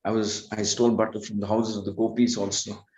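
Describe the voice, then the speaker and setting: A man voicing a frightened little boy who begs his mother, pleading in a slow and timid way. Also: lowish voice, flat delivery, a little mellow, reverberant, muffled recording, natural voice.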